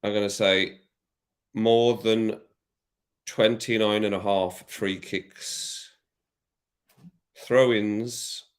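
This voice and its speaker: A man's voice: lowish voice, steady tone, very slow, pauses often. A man vlogging in casual chat, thinking aloud with jokey asides while placing bets.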